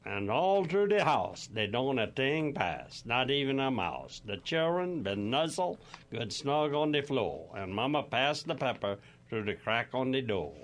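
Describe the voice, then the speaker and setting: A man's voice: mid-range voice, sing-song, unhurried. An older man with a Cajun accent, reading a rhyming dialect poem aloud with a folksy rhythm. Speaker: guest reader.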